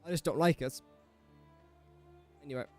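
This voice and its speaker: A young man with an English accent, talking casually as he plays, cracking jokes and chatting to the game characters. His voice sits a little high, with faint game music in the background. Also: moderate pace. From England. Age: young adult. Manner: chatty, jokey, talks to himself and the game characters. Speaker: gaming streamer. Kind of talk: casual gameplay commentary.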